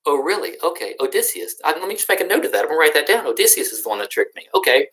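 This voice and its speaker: A man's voice: medium pitch, brisk, a bit bright, close to an everyday voice. A man voicing a blinded giant male Cyclops who answers with exaggerated sarcasm and seeks revenge. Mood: sarcastic.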